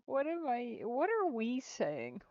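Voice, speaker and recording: Slow, giggly woman developer chatting. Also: sits high, darkish tone, dry recording. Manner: giggly, rambling. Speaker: game developer. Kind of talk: casual chat while working on a livestream. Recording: dull lo-fi stream audio.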